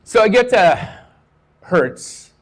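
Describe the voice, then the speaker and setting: A man's voice: high voice, lively intonation, slow. A middle-aged man telling a personal story in a casual, profane way, acting out the dialogue as he goes.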